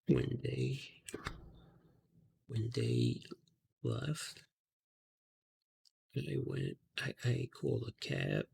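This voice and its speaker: A man softly telling a rambling story in a half-whispered ASMR style, talking casually with slang and fillers, outdoors at night on a close mic. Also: medium pitch, gravelly, slightly rough. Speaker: ASMR channel host. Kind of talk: ASMR storytelling while coloring.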